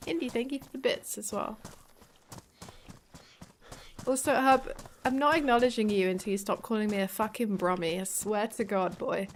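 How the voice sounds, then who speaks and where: A woman's voice: mid-range voice, normal speed, pauses often, slight background noise. A woman from the English Midlands with a Midlands accent, chatting casually on her live stream, swearing freely and laughing often.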